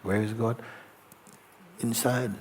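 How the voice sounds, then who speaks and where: Man, spiritual teacher, gentle, low voice, unhurried, faint background ambience. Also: steady tone, slight background noise. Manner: slow, gentle, soft-spoken with long pauses. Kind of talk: satsang talk, reading a letter aloud. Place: outdoor gathering with faint ambience.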